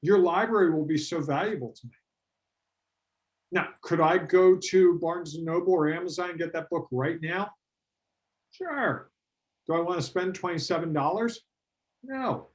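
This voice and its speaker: A middle-aged man leads a business workshop in a relaxed, talky way, with a voice pitched a little above the usual for men. He tells stories and slips into the voices of the clients he quotes. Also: normal speed, dull audio. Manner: animated storytelling, acts out quoted clients. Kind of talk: conversational workshop talk.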